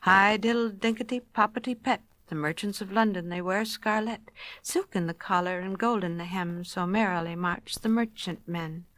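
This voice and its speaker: A woman voicing a chorus of tiny, cheeky tailor mice, chanting nursery rhymes brightly. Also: medium pitch, moderate pace, no room sound, natural voice. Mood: merry.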